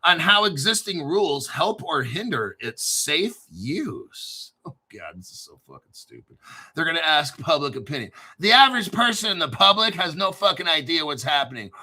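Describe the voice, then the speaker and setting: Brash, bright-voiced male crypto host. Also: high voice. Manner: brash and profane, swinging from mumbled asides to loud hyped outbursts. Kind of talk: unscripted livestream commentary.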